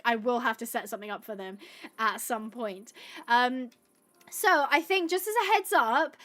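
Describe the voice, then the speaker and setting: A woman's voice: high-pitched, a bit bright. A woman streaming a game live, chatting casually and rambling, laughing often and acting out little quotes. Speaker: gaming streamer.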